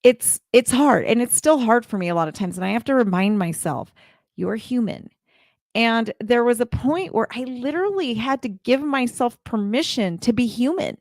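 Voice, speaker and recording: A woman's voice: a little high, animated, moderate pace, a little mellow, dry recording, clean studio sound. A woman in her forties gives a heartfelt motivational talk to live viewers as a community leader, speaking earnestly and repeating her phrases.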